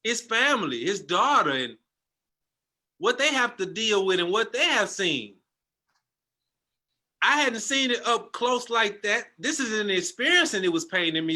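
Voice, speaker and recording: A man's voice: high voice, pushed and bright. A man telling a passionate personal testimony as a guest, in a storytelling manner.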